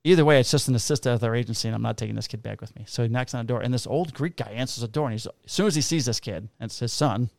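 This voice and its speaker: A man's voice: medium pitch, rapid-fire, vocal fry, hardly any pauses, darkish tone, dry recording. A man, a police officer casually telling profane stories and acting out the dialogue. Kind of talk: casual storytelling chat.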